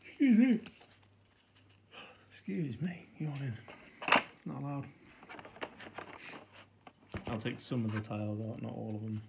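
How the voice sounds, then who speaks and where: A British man hosting a board game unboxing, chatting casually and getting easily excited, laughing to himself. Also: medium pitch, unhurried, creaky, pauses often, noisy background.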